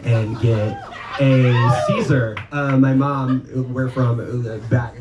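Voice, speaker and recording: A man's voice: mid-range voice, steady tone, slow pace, muffled recording, loud music behind the voice. A man from North Dakota telling a story live to an audience, casual and rambling, full of ums and swearing. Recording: echoey live room from far off, noisy.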